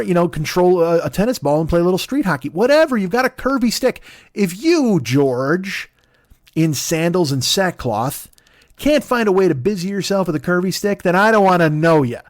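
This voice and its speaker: A man's voice: high-pitched, no echo, clean studio sound. A man doing a profane, riffing comedic monologue as a podcast host.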